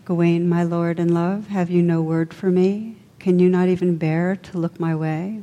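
A gentle, wise enchanted lady speaks low and soft, as a woman reading a storybook gives her voice. The pitch sits fairly low, the tone is dark and mellow, and a long hall reverb trails every word. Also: fairly even intonation, moderate pace, lightly acted.

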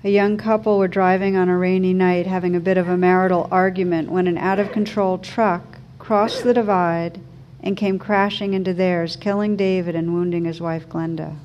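Soft, mellow-voiced woman teacher. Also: fairly low pitch, steady tone, highs cut off, a little hiss or hum. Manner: slow, gentle, thoughtful delivery. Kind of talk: reflective talk with a story read aloud.

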